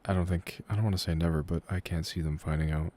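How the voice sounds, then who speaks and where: A young man in his twenties, from Canada, chats through a live Q&A from his room at home. His voice sits deep and soft-edged, with a mellow warmth. He wanders through answers in a relaxed, rambling way, full of fillers and trailing hedges. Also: fast. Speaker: audio creator hosting a live Q&A. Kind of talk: casual live-stream chat.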